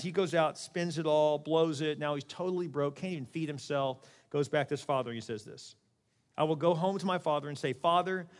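A man preaching a lively, conversational sermon and acting out little quotes as he goes. His voice sits a bit high for a man. It rings with a long reverb from a large church hall. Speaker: pastor.

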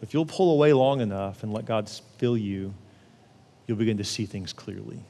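A male pastor preaching a conversational sermon, often acting out prayers in a lively voice. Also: lowish voice, moderate pace, slight background noise. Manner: conversational, acts out prayers in an animated voice. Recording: long reverb of a large hall.

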